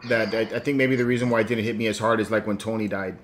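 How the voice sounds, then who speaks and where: A man's voice: fairly low pitch, fairly even intonation, very fast, slight background noise. A man co-hosting a casual show review, talking earnestly and emphatically, with casual swearing. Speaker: podcast co-host.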